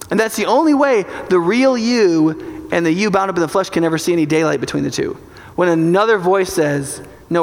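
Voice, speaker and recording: A man preaching a sermon in an animated, joking way, now and then acting out inner voices. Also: high voice, creaky. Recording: large hall with long reverb.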